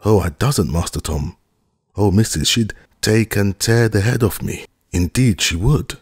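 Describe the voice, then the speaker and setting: A man's voice: lowish voice, unhurried, darkish tone, husky, no room sound, clean studio sound, pitched above the performer's own voice. A man voicing a timid young boy servant who pleads hesitantly in a storybook reading. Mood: fearful.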